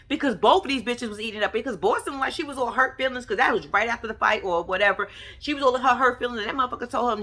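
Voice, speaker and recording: A woman giving a profane, sassy, animated recap commentary. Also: on the high side, fast. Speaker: reality TV recap vlogger. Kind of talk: casual commentary.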